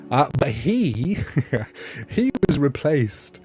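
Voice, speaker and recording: A man's voice: medium pitch, big pitch swings, extremely slow, a little mellow, soft background music. Rambling, jokey male stream host. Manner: rambling, jokey, talks to viewers. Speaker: livestream host. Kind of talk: casual livestream chat.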